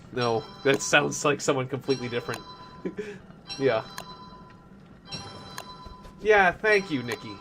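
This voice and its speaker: A man's voice: mid-range voice, a bit bright. A man hosting a game live stream, chatting playfully with viewers and laughing often. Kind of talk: casual live stream chat.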